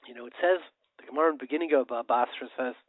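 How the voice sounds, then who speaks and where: A man, a rabbi, gives a short holiday Torah talk, animated, with sudden emphatic rises and English mixed with Hebrew and Yiddish terms. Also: mid-range voice, rapid-fire, no echo. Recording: narrow phone-like line, dry.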